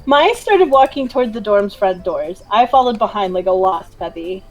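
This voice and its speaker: A woman's voice: medium pitch, lively intonation, moderate pace, a little mellow, muffled recording, soft background music. A woman hosting a gaming video, reading visual novel narration aloud with giggly, joking asides. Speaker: gaming channel host.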